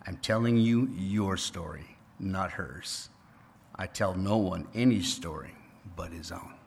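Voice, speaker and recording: A man reading as a deep solemn lion. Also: vocal fry, exaggerated voice. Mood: gentle. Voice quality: deep, slow and measured. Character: great solemn male lion, patient and deep-voiced. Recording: reverberant hall.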